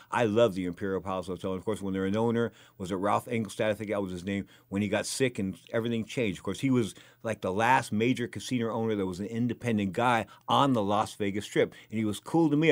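A man hosting a talk show, telling long rambling stories in an emphatic way that climbs high and loud when he gets worked up. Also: no room sound, clean studio sound. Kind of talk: storytelling monologue.

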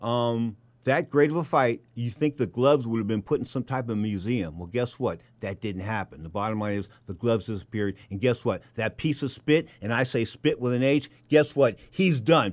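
A man's voice: lowish voice, a little fast, few pauses, faint music behind. A man hosting a boxing talk show, telling a story with emphatic repetition and bursts of anger. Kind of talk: animated radio talk show monologue.

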